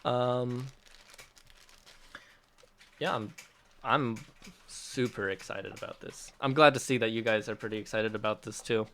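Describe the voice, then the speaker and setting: An app developer hosts a release livestream, reading chat questions aloud and answering in an upbeat, chatty way with frequent laughs and restarts. His medium-pitched, fairly bright voice is a little slow and pauses often. A slight hiss or hum sits under the audio.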